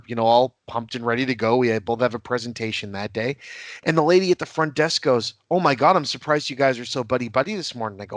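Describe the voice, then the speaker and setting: A man's voice: mid-range voice, no echo. Brief: male podcast guest, rambling storyteller, laughs often, dry close sound. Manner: rambling, laughs at own stories. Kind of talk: casual anecdotal storytelling.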